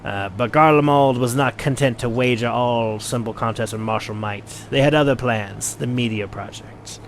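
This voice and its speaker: A man's voice: mid-range voice, normal speed, a little hiss or hum, close to an everyday voice. A man voicing a stern, proud female pirate admiral from a game, attempting a Scottish accent and giving grand, formal speeches with some stumbles. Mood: grave.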